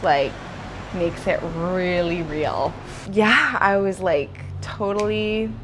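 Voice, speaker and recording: A woman's voice: lowish voice, slight background noise. A young woman vlogger telling a personal story in a casual, chatty way, with lots of fillers and restarts.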